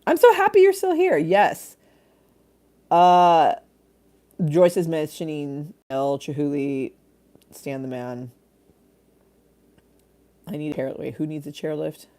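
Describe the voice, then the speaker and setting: A woman's voice: low voice, steady tone, takes it slowly, pauses often, warm tone. A woman hosting a casual livestream from her phone, rambling, swearing casually and reading out viewer comments. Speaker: livestream host.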